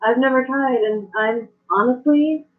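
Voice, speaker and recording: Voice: high voice, measured pace. Player with a tinny phone-like sound. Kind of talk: tabletop game play.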